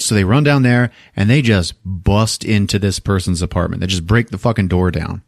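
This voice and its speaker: Here a brisk, low-leaning male voice retells a film for a podcast, cursing freely and breaking into character voices as he acts out what people said. It's a casual scene-by-scene recap, captured in clean studio sound without any room noise.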